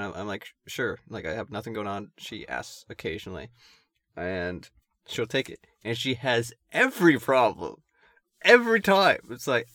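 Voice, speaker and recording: Young man, podcast co-host, lively pitch, dry close sound, animated, teasing. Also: moderate pace, no room sound. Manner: animated storyteller, acts out quotes, teasing. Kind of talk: casual chat.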